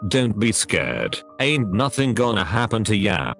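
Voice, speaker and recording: A man's voice: on the low side, very animated, measured pace, creaky, a bit bright, faint music behind, heavily acted. A text-to-speech male voice reading the lines of a desperate, loving father who talks in a folksy, drawling dialect. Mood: frantic. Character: desperate loving father, middle-aged man.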